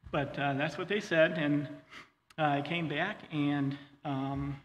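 A man's voice: a little high, steady tone, fairly bright tone, dull audio. Middle-aged guy giving his testimony at church, lots of ums and restarts, big hall echo, bit of room hiss. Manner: halting, full of fillers and restarts; earnest, says he gets choked up. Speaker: guest speaker sharing his testimony. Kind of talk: personal testimony talk. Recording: long hall reverb, faint ambience.

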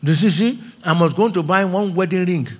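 A middle-aged Nigerian pastor leads a call-and-response sermon in a church auditorium, prompting the congregation to supply his words. His voice sits high and he speaks briskly.

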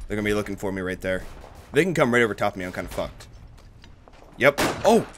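A man giving excitable, profane gameplay commentary, shouting battle cries while he plays. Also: lowish voice, quick pace, background noise. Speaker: gaming YouTuber. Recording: game music and gunfire behind. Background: game music and gunfire.

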